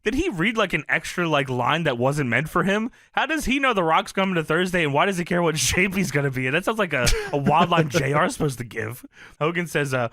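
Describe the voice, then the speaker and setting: A man in casual podcast chat, animatedly retelling a wrestling show with constant laughter, swearing and quick impressions. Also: on the high side, expressive, fairly bright tone, no echo, clean studio sound. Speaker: podcast co-host.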